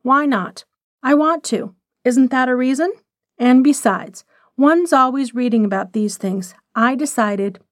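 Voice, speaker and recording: A woman's voice: high-pitched, unhurried, dry recording, clean studio sound. A woman voicing an impulsive wealthy young wife who talks in an eager, breathless way.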